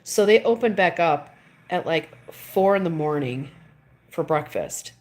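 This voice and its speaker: A middle-aged woman chats casually, spinning a rambling story that keeps breaking off and restarting, with laughs between phrases. Her voice sits a little on the low side. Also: lively intonation, unhurried, a little mellow. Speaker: streamer chatting with viewers. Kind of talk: casual chat.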